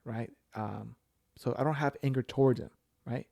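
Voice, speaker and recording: A man's voice: medium pitch, fast talker, creaky, darkish tone. A man, telling a personal story in casual chat, full of fillers and restarts. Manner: rambling storyteller with many fillers. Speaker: podcast guest sharing his story.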